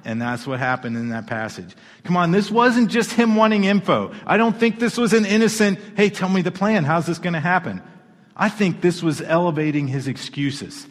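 A man's voice: sits high, lively intonation, normal speed. Emphatic preaching man in a reverberant hall. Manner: emphatic and conversational, swinging from loud to hushed. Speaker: pastor. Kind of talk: sermon.

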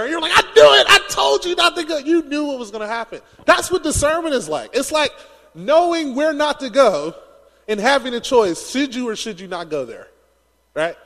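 A man preaching a sermon, telling stories in an animated way and laughing often. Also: sits high, long reverb tail.

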